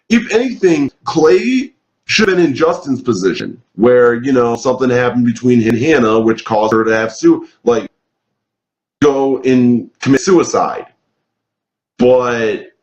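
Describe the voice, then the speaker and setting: A man's voice: mid-range voice, reverberant, highs cut off. A man giving a profane, angry rant as a show reviewer, swearing constantly and leaning on "like" as filler. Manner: swears heavily, rants angrily with filler "like".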